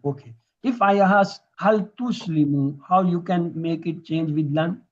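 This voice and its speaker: Male grammar teacher, husky and a bit high, runs drills and quizzes his class; muffled lo-fi recording. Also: unhurried. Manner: drills verb forms, quizzing students. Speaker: Quranic Arabic teacher. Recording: dull lo-fi recording.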